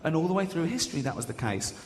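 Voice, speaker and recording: Stand-up comic in a big reverberant hall. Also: male voice, a little high, sing-song, very fast. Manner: conversational storytelling, acts out quoted voices. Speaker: stand-up comedian. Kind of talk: stand-up comedy routine. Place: large comedy venue stage. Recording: live venue with long reverb and audience noise. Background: audience ambience.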